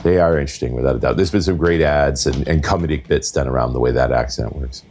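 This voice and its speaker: Very deep-voiced, easygoing male co-host. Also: quick pace, darkish tone, a little hiss or hum. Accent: slight Canadian. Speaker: podcast co-host. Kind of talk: casual podcast chat.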